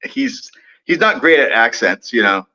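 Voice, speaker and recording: A man's voice: medium pitch, expressive, a little slow, pushed and bright, muffled recording. A man as the guest in a casual film discussion, hesitant, with lots of fillers and trailing thoughts.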